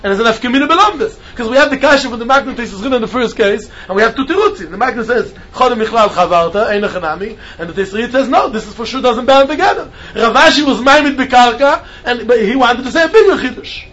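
High-voiced man teaching a Talmud class. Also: quick pace, few pauses. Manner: animated, mixes Yiddish and Hebrew terms into English. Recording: dull lo-fi recording with faint noise.

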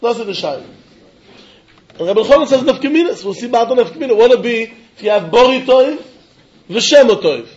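Male Talmud teacher, high voice, quick and emphatic delivery, dull low-fi recording. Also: lively intonation, a little mellow. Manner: rapid, emphatic, switching between English and Hebrew. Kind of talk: Talmud lecture.

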